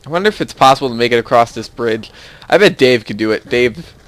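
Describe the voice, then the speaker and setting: A man's voice: medium pitch, animated, quick pace, a bit bright, a little hiss or hum. A young man chatting casually over his gameplay, rambling and easily losing his train of thought. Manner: rambling, easily sidetracked, chuckling often. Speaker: gaming YouTuber.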